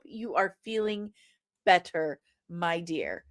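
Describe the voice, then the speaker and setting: A sniffly woman with a lingering cough hosting a casual live stream. She greets viewers with loud, sing-song shouts and chats in a playful, teasing way. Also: on the low side, animated, unhurried. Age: adult, old enough to remember films from forty years ago. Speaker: host of a daily pop-culture live show.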